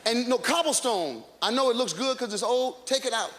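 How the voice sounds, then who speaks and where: Very high-voiced ranting stand-up comic. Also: male voice, moderate pace, noisy background. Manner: animated, exasperated ranting, bursts of shouting. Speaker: stand-up comedian. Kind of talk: stand-up comedy set. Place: comedy stage in a large club before a live audience. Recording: live club recording with hall echo and audience laughter.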